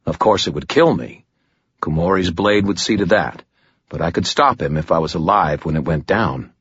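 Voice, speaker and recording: Deep-voiced male audiobook narrator. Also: moderate pace, a bit bright, breathy edge, no echo, dull audio. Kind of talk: first-person scripted fantasy narration.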